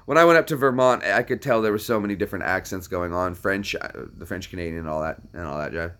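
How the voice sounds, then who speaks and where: Male vlogger, lowish voice, easygoing rambling talk to camera. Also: fast talker, a bit bright. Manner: rambling, chatty, trails off. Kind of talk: casual chat to camera.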